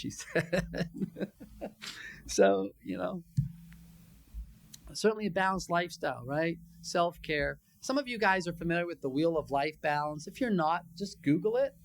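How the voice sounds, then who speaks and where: A man, a psychologist, giving a conference training session in a conversational, animated way, acting out quotes from his patients. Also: a little high, brisk, creaky, a little hiss or hum. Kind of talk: conference lecture.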